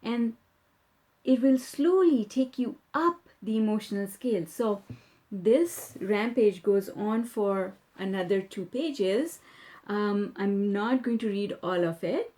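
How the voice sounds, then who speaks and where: A woman self-help author teaching in a calm, affirming way and reading passages aloud from her book. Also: medium pitch, takes it slowly.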